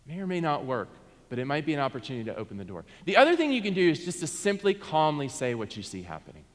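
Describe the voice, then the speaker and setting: The pastor's slightly high voice swings widely in pitch as he preaches at a quick clip. In the church's echoing space, he speaks directly to the congregation and prompts them to respond.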